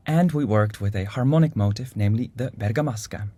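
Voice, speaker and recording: A man teaching a music improvisation lesson in a calm, explanatory way. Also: lowish voice, fairly quick. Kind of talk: instructional video lesson.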